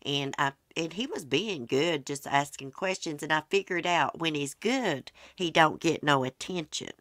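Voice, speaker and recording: A woman's voice: low-pitched, animated, unhurried, fairly bright tone, no echo, clean studio sound. A middle-aged woman, hosting her channel and telling folksy stories in casual chat. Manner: chatty, folksy storytelling. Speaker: channel host.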